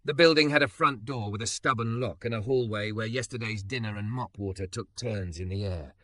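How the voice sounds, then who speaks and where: A man narrating a scripted story in an even, measured reading. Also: fairly low pitch, dry recording, clean studio sound.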